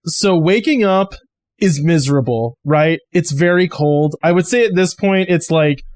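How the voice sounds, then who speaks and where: Male game master, casual narrator, slightly high voice, dry close mic. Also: unhurried, a little mellow, dry recording. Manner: casual, chatty, with fillers.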